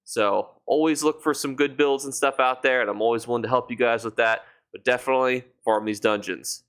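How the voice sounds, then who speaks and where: A gaming YouTuber walks through a game guide, talking straight to his viewers and calling them "you guys" in a chatty, enthusiastic way. His voice is medium-pitched and fairly bright.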